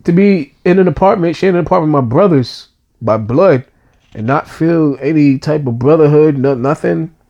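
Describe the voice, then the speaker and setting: A man's voice: a little high, normal speed, gravelly, dark tone. A man co-hosting a podcast, telling a personal story in an earnest, emotional way with casual slang.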